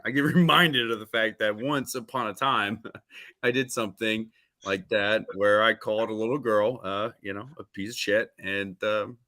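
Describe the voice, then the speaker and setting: Bright-voiced deadpan man. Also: lowish voice, moderate pace, no echo. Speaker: wrestler. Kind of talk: casual podcast chat.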